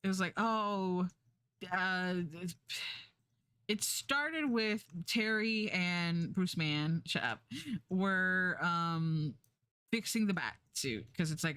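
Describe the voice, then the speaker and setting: A woman's voice: lowish voice, fairly bright tone, clean tone, dry recording. A woman streamer chatting casually, rambling with lots of fillers and restarts, swearing and laughing as she recaps a show while doing a puzzle. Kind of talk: casual chat.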